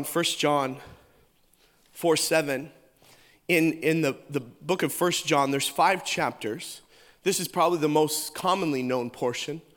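A man's voice: on the high side, a bit bright, big-room sound. A man preaching a sermon as pastor, emphatic and humorous.

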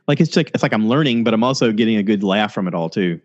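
A fast-talking male podcaster chats over a video call, meandering and lively, slipping into a high voice to act out quotes. The sound, from a laptop or USB mic and headphones, is dull.

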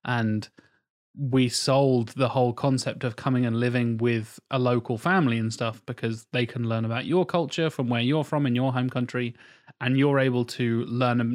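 A young man chatting casually on a podcast, telling stories with lively asides and acted-out quotes. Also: medium pitch. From England. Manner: animated storyteller, acts out quoted voices, swears freely. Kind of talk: casual chat.

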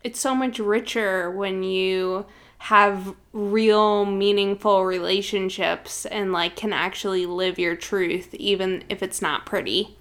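A woman's voice: medium pitch, fairly even intonation, slow, fairly bright tone. A woman co-hosting a casual spiritual chat, reflective and filler-heavy, laughing readily. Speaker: podcast co-host.

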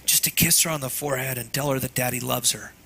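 A man preaching a sermon in an earnest, tender way, sometimes dropping to a hush. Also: mid-range voice, steady tone, quick pace, gravelly. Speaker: pastor.

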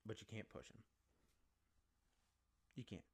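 A man hosting a solo podcast, ranting bluntly with heavy swearing as he gives his opinions. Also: unhurried. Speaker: podcast host.

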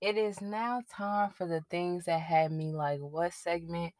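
A woman's voice: lowish voice, unhurried, a little mellow, no room sound. A young woman hosting her own podcast, chatting casually and rambling a little, with the odd stumble over her words. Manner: conversational, rambling, admits getting tongue-tied. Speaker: podcast host. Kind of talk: casual solo podcast commentary.

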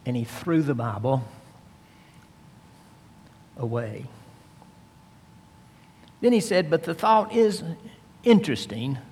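A man delivers a sermon, retelling a story with slow, emphatic drama. His voice is a little husky. It rings out with a long reverb, as if in a large church hall. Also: medium pitch, lively intonation, darkish tone. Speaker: preacher.

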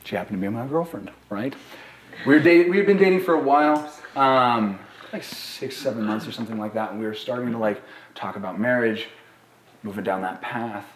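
A young man speaks in a casual live podcast chat and tells a personal story with animated energy. He keeps checking in with his listeners as he goes, and his voice rings in a roomy, echoing space. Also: mid-range voice, fairly quick, a little hiss or hum. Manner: animated storytelling, many "right?" tags. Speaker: therapist and podcast co-host. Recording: roomy echo.

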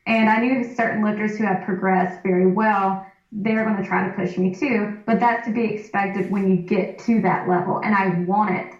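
A woman's voice: mid-range voice, fairly even intonation, normal speed, distant mic. Candid woman lifter, echoey and off-mic. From United States. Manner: candid, blunt, laughs easily, filler "like". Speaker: guest, competitive powerlifter; first grade teacher. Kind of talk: casual podcast interview. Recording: echoey room, off-mic, dull sound.

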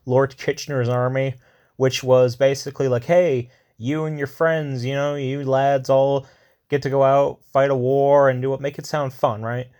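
A man casually recapping a war film in a rambling way, with many fillers and quick acted-out quotes from the characters. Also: mid-range voice. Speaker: film reviewer. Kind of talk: casual spoken movie recap.

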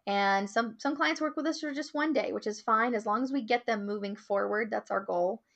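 This woman's voice is fairly high and gravelly, moving at a moderate pace, with the high frequencies cut off. As an interview guest who runs a marketing business, she recounts a client story casually and vividly acts out what people said.

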